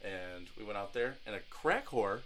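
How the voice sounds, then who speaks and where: Animated young man, bright voice. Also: moderate pace, a little hiss or hum. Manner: animated storyteller, swearing, jumps into high mocking voices. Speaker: podcast host. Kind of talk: casual podcast banter.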